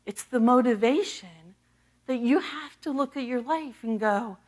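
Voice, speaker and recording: A woman's voice: a little high, unhurried, darkish tone. An American woman, an associate pastor, preaching a sermon in a conversational, storytelling way and acting out the dialogue.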